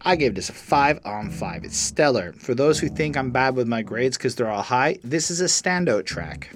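Brief: profane, animated male music reviewer, casual chat, faint music underneath. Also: medium pitch, moderate pace. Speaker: album review co-host.

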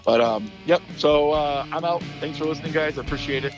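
A man's voice: fairly high pitch, fairly quick, muffled recording, over music. A man co-hosting a podcast, chatting casually and telling a story, acting out the quotes and laughing often. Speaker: podcast co-host. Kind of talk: casual chat.

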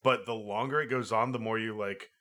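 A man chatting casually about a movie, halting and restarting often with lots of fillers. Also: fairly low pitch, steady tone, sharp tone. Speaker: podcast co-host. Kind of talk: casual film review chat.

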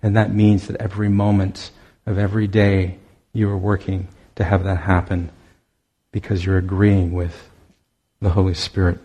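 Casting: male preacher, deep and husky, earnest exhortation with frequent pauses. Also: flat delivery, mellow. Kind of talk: sermon.

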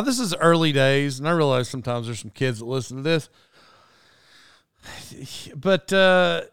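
Middle-aged male podcast host, fairly high smooth voice, dry close sound, rambling casual storyteller. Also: no room sound. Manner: rambling, animated, laughs at his own story.

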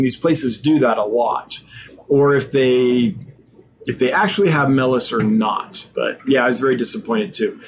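A man's voice: medium pitch, slight background noise. A tired man hosting a live stream, reading viewer usernames aloud and chatting casually, sometimes stumbling over words.

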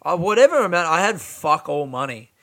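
A man's voice: on the high side, very animated, brisk, pushed and bright. A young Australian man telling a rambling, sweary comic story about waiting for money.

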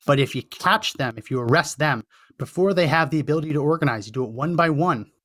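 A man delivers political commentary with a tense, forceful edge. His voice sits a little high for a man, and he stays impassioned and emphatic, hammering his points by repeating phrases. The sound is close and dry, with no room around it. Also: fast talker, dry recording. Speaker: podcast host.

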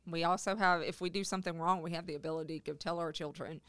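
A man talking as a parenting counselor on a podcast, calm and often laughing, acting out the phrases parents could say. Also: a little high, quick pace, smooth, no room sound. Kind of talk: podcast conversation.

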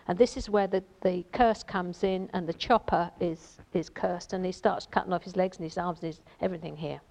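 A woman's voice: fairly low pitch, fairly even intonation, a little fast, creaky, few pauses, dark tone, rough recording. A woman giving an informal Bible teaching, chatty and rambling, with many fillers and asides. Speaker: lay preacher.

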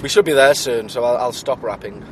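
Riding in a moving car, a playful, jokey man hosts a ghost-hunting vlog, chatting and reading aloud spooky local lore from his notes. His voice is mid-range and fairly quick.

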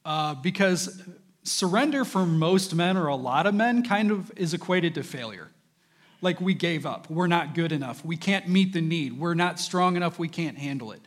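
A man's voice: a little high, animated, normal speed. A young adult man, a church minister, giving a candid, conversational devotional talk about his own experience. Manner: candid, conversational personal testimony.

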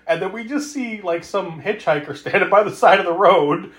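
A man's voice: sits high, moderate pace, roomy sound. A man co-hosting a podcast, recapping a movie in casual chat, laughing often and acting out the characters' lines. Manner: animated, laughs a lot, acts out quotes. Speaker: podcast co-host.

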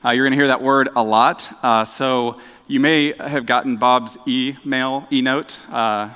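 Man, church preacher, bright tone, chatty, self-deprecating, echoey hall. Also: medium pitch, steady tone, a little slow, clean tone. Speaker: director of outreach, preaching. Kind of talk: sermon with dad jokes. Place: church sanctuary.

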